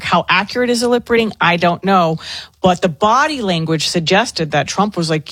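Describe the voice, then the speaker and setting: Quick-talking radio co-host, dry sound. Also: medium pitch, fairly bright tone, no room sound. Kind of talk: casual talk radio banter.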